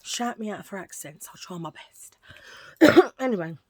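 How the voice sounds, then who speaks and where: Talking casually to viewers about her shopping haul, this middle-aged vlogger is rambling and playful. Her medium-pitched voice is expressive and a little slow, and the recording carries a slight hiss or hum.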